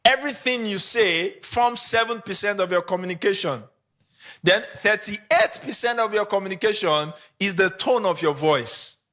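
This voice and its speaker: High, bright-voiced Nigerian man speaking. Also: moderate pace. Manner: animated, acts out short quoted examples. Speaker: conference speaker. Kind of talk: conference talk to photographers.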